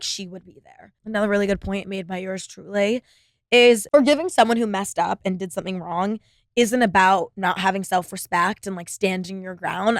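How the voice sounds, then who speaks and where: A young woman rants through her own podcast episode in a blunt, swear-laden ramble, dropping "like" every few words. Her voice sits at an ordinary pitch and is recorded dry and close, with no room sound around it. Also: a bit bright, no room sound. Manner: blunt, profane, filler-heavy with frequent "like". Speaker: podcast host. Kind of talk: casual solo podcast monologue.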